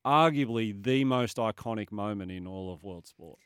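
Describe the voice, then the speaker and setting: A man's voice: fairly low pitch, normal speed, fairly bright tone, clear, resonant tone, no echo, clean studio sound. An Australian man co-hosting a breakfast sports radio show, chatting casually and reading listener texts aloud.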